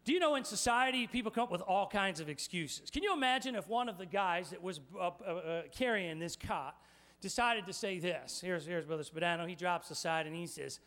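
A male pastor preaching a sermon, energetic and playful, directing volunteers in a live demonstration and speaking straight to the congregation. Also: high voice, a little fast.

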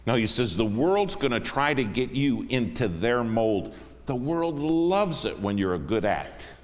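A man preaching a sermon as a guest in a church, emphatic, swinging between hushed and raised lines. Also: mid-range voice, lively intonation, unhurried. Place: church sanctuary. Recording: long reverb of a church hall.

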